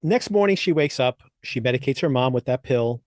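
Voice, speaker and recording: A man's voice: mid-range voice, lively intonation, a little fast, no room sound, studio quality. A man co-hosting a podcast, chatting casually and recapping a TV show in an easygoing, agreeable way. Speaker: podcast co-host. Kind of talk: casual chat.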